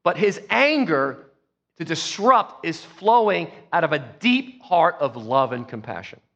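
Emphatic pastor preaching, muffled sound. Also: male voice, fairly high pitch, big pitch swings, unhurried, long reverb tail. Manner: emphatic storytelling, swings from soft to loud. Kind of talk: sermon. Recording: dull lo-fi sound.

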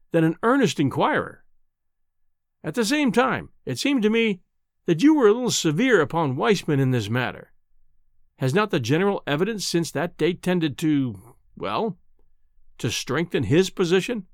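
A man's voice: on the high side, big pitch swings, normal speed, no echo, clean studio sound. A man reading an audiobook, voicing an eager young journalist who speaks humbly and with feigned earnestness. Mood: deferential. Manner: deferential, falsely earnest.

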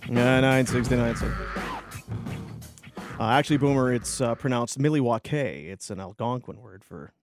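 A man's voice: mid-range voice, moderate pace, faint music behind. A man, co-hosting a sports radio show with casual, joking banter and reading listener messages. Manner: joking, reads listener texts.

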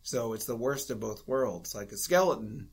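A man's voice: medium pitch, animated, moderate pace, creaky, slightly rough. A man co-hosting a comedy podcast, reacting with dry, wry remarks. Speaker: podcast co-host. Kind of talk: casual chat.

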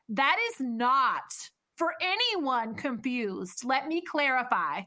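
A woman's voice: high voice, expressive, a little slow, hardly any pauses, sharp tone. A woman co-hosting a podcast, telling a story in casual chat, blunt and full of profanity. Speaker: podcast co-host.

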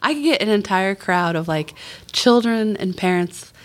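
A woman guest in casual chat, telling lively stories, acting out voices and laughing often. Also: mid-range voice, normal speed. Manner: bubbly storyteller, acts out voices and laughs often.

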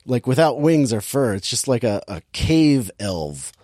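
A man casually retelling a movie plot, animated and laughing often, acting out characters' lines with sudden jumps in pitch. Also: a little slow, no echo, studio quality. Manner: laughs often while talking. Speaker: podcast co-host recapping a movie. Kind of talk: casual chat.

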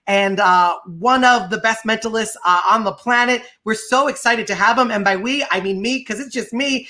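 Bright, bubbly woman hosting an interview. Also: a little high, normal speed, hardly any pauses. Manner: energetic, bubbly, laughs often. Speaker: podcast host.

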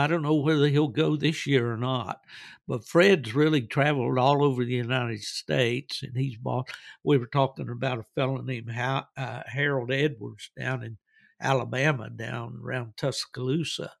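Gravelly, folksy podcast host telling stories. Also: male voice, mid-range voice, moderate pace, no room sound, clean studio sound. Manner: chuckling, folksy, rambling. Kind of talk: casual storytelling.

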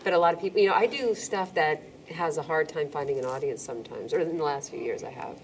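Low-voiced woman chatting as a guest. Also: fast talker, slight background noise. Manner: rambling, searches for words, quotes people in voices. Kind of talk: casual interview chat.

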